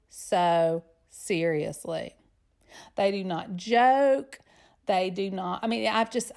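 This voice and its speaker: Slow, gravelly woman host. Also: medium pitch, darkish tone. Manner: chatty and laughing, with emphatic repetition. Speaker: podcast host. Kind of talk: casual monologue answering listener mail.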